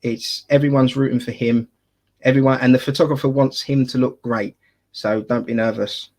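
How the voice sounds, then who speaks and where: A man's voice: mid-range voice, steady tone, normal speed, a little mellow. A man with an Essex accent, chatting casually as a wedding photographer and podcast co-host, jokey and full of fillers and restarts. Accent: Essex English.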